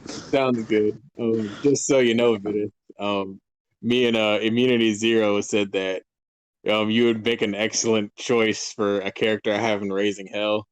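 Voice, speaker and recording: A man's voice: fairly low pitch, level tone, normal speed, smooth, dry recording. A man in his twenties, a guest author, rambling through a casual interview, laughing often and trailing off mid-sentence. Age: 20s.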